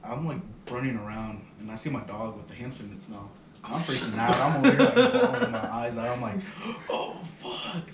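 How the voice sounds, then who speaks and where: A young man on a podcast, telling stories excitably and swearing as he goes. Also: mid-range voice, brisk, crowd noise. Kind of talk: casual chat. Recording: echoey room from a distance, loud hiss.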